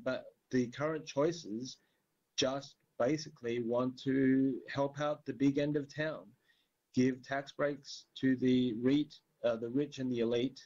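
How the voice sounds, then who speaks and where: A man's voice: mid-range voice, steady tone, slow pace, a little mellow. A man talking politics casually, rambling with many fillers and the odd curse word. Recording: dull lo-fi recording.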